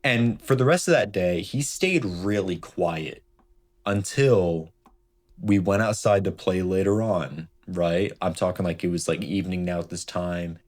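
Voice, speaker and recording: A man's voice: sits low, a little slow. A young man telling a casual story from his childhood, rambling and padding his talk with "like" and "right?". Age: young adult. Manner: rambling, heavy on fillers like "like" and "right?". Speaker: storytime vlogger.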